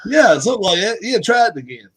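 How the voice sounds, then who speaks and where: A man with a notably high voice keeps needling his buddy with folksy jabs and quick questions. His talk is loose and playful, the easy ribbing of old friends. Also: sing-song, fairly bright tone, slightly rough. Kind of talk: casual banter.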